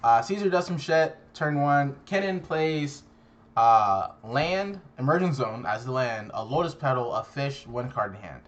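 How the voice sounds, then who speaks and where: A man's voice: medium pitch, animated, measured pace. Profane exasperated young man, lo-fi. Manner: profane, exasperated, self-mocking. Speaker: card game content creator. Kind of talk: casual tournament recap.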